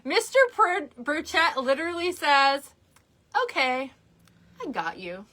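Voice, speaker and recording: A woman co-hosting a casual podcast, reading hearing quotes aloud with animated asides. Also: high-pitched, slow pace. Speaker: podcast co-host.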